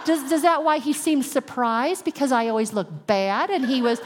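A woman's voice: sits high, moderate pace, hardly any pauses, slight background noise. A middle-aged woman teaching a women's group in an earnest, candid way, acting out little dialogues as she goes. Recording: long hall reverb.

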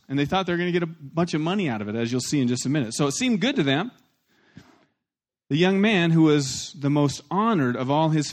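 A man preaching a sermon in a fairly high voice. He swings between loud, emphatic lines and soft asides. He talks plainly and bluntly and gets the congregation to repeat phrases after him. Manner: plain-spoken, with blunt humor. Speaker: pastor.

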